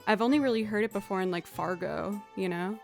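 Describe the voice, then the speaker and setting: A woman's voice: medium pitch, a little fast, gravelly. A young woman from the Boston area with a Boston accent, chatting casually with viewers on her music livestream, full of likes and you-knows. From Boston area, USA.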